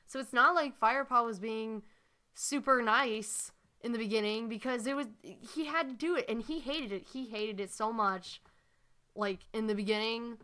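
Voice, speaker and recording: A woman's voice: fairly high pitch, pushed and bright. A woman ranting in a frustrated, sighing way as she talks through her analysis, with lots of fillers. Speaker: fan analysis video maker. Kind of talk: ranting commentary.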